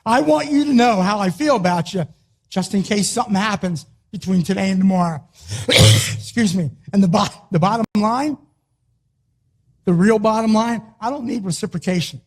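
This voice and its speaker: An older man giving a motivational speech to an audience, emphatic and repetitive, sometimes rising to a shout. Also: high voice, normal speed. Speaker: motivational speaker.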